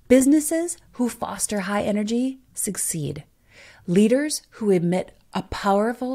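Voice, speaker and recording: A woman podcast host delivers a motivational monologue, putting emphatic rhetorical questions to the listener. Her voice is mid-range and mellow.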